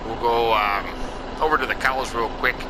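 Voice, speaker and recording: This farming game let's-player stays in character as a farmer, rambling in a folksy way with plenty of "I tell ya" and "you know." His medium-pitched voice holds a steady tone at a moderate pace, and the recording is very noisy.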